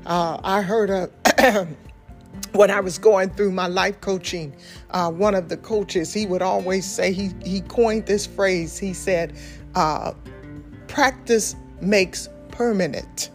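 A woman's voice: medium pitch, fairly even intonation, takes it slowly. Fervent woman preaching over faint music. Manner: fervent, repetitive, emphatic. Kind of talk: sermon with sung worship opening.

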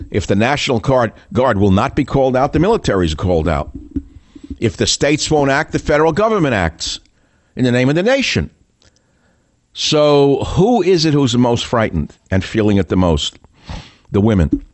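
A man's voice: lowish voice, no echo. An older man hosting a political talk radio show, combative and sarcastic, firing off rhetorical questions.

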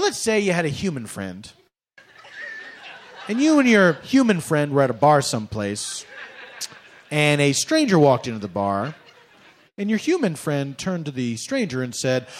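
A man's voice: fairly high pitch, very animated, normal speed, pauses often. A man doing a comic monologue, sarcastic and mock-formal, often laughing as he talks. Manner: laughs through his words. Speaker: comedian.

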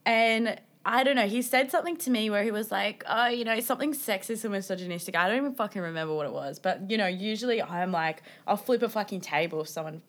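A woman's voice: mid-range voice, fast talker, hardly any pauses. A woman, co-hosting a podcast and telling stories with lots of swearing and acted-out quotes. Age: 20s. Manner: animated storyteller, swears a lot, acts out quotes. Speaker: podcast co-host. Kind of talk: casual chat.

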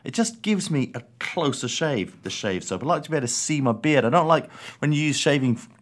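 A man from England co-hosting a podcast, dry and deadpan, talking with hesitant ums. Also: a little high, fairly quick. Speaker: podcast co-host. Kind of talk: casual comedic chat.

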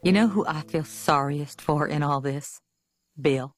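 An actress playing an earnest, concerned cartoon housewife. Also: female voice, deep voice, measured pace, crowd noise.

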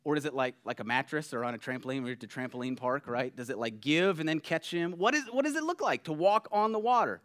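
A pastor preaching a sermon in a conversational, animated way, often checking in with the listeners. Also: male voice, on the high side, fast, few pauses. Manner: conversational, animated, keeps asking "right?".

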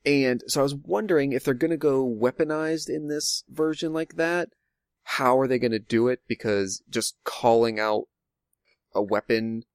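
A man's voice: medium pitch, moderate pace, no room sound, clean studio sound. A man discussing a movie in casual chat, rambling and thinking aloud with lots of fillers.

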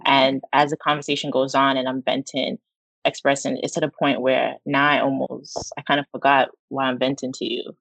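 A woman talks through a sincere tribute on a podcast, rambling and full of fillers. Her voice has a gravelly fry, and the sound is dry and close. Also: very deep voice, little pitch movement, normal speed, a bit bright, no echo, rough recording. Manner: earnest, rambling, many fillers. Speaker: podcast co-host. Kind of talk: heartfelt casual tribute.

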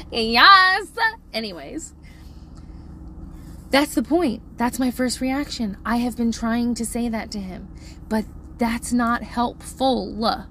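A middle-aged woman telling a parenting story in a casual, animated, profane way, laughing often. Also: on the high side, slow pace, pauses often, slight background noise.

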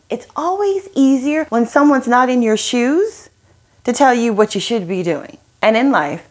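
A woman hosting a motivational self-help podcast, talking in a chatty, encouraging way and acting out quoted voices. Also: medium pitch. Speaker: podcast host.

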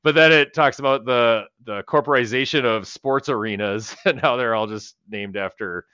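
A man with a bright, forward voice tells a movie plot in loose, swearing, run-on sentences, chuckling now and then. The sound is dry and a little dull, like a home podcast mic. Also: mid-range voice, normal speed, clear, resonant tone, no echo. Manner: rambling, profane, laughs while retelling scenes. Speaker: podcast co-host. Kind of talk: casual movie-review chat.

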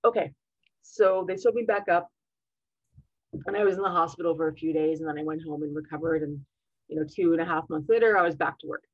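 A woman guest tells her story with lively acted-out dialogue, her voice set a little low for a woman. The call audio is dull and lo-fi, with no room sound around it. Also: fairly quick, no room sound. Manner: animated, acts out quoted dialogue. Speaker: podcast guest. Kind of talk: casual storytelling interview.

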